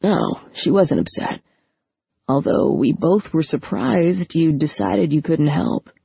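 A woman reading the part of an earnest, sincere young man in an audiobook, with an even, earnest delivery. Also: deep voice, takes it slowly, gravelly, breathy edge, no room sound, muffled recording, exaggerated voice.

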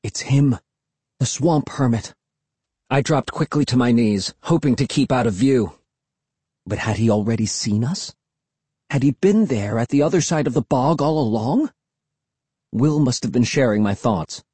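A man reading a first-person story aloud in a lively, expressive way. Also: medium pitch, normal speed, husky, dry recording. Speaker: audiobook narrator.

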